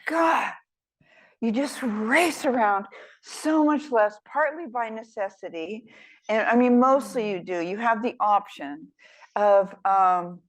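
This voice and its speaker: A woman's voice: a little high, slow pace, low-quality recording. An older woman speaking as a guest author in an onstage conversation, her talk meandering through stories. She is self-deprecating and funny, often restarting a thought mid-sentence. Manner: warm, rambling, self-deprecating, humorous. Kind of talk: storytelling in a fireside chat.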